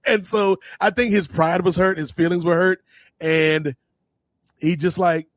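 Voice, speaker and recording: A man co-hosting a podcast, his voice on the higher side. He talks casually and gets animated, slipping into quoted lines from the show as he retells it. The sound is dry and close. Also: moderate pace, no echo. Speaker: podcast co-host. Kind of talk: casual review chat.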